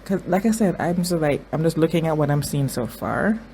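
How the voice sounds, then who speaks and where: Give me a speaker doing casual commentary while watching a TV episode, excitable and quick to repeat words like "okay, okay" as the scenes unfold. The voice sits at a middling pitch, and a faint hum runs underneath. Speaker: TV reaction host.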